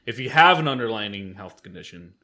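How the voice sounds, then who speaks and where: A man hosting a casual podcast, talking in animated bursts with plenty of fillers, restarts and swearing. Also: medium pitch, fairly quick. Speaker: podcast host and game master.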